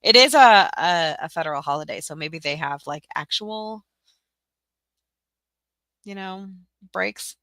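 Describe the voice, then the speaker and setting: A woman's voice: fairly low pitch, expressive, measured pace, long pauses, fairly bright tone, dry recording. A woman from Tennessee hosting a casual livestream tutorial, chatty and giggly, rambling with lots of fillers. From Tennessee, USA. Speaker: livestream host.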